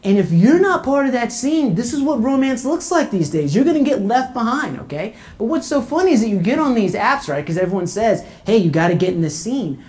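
Woman, stand-up comedy, sarcastic, punchy delivery, slightly high voice. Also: sing-song, a little fast, hardly any pauses, darkish tone. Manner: sarcastic, punchy, with frequent "okay?" and "right?" tags. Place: comedy venue with live audience.

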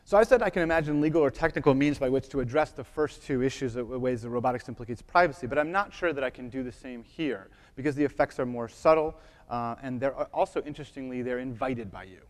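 A man's voice: mid-range voice, fast talker. Man lecturing in a reverberant hall, mid-range voice, chatty with filler words, keeps checking in with the crowd. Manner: casual, many fillers, checks in with audience. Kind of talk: conference talk.

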